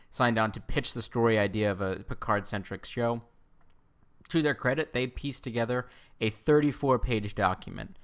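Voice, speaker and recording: A man's voice: medium pitch, a bit bright, clean tone. A man giving casual video commentary on entertainment news, rambling with many fillers and self-corrections. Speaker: Star Trek news commentator.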